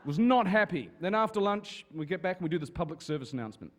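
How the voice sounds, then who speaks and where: A man telling casual, lively anecdotes to an audience as a guest on a convention panel. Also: high-pitched, fast. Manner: lively storyteller with restarts and swearing.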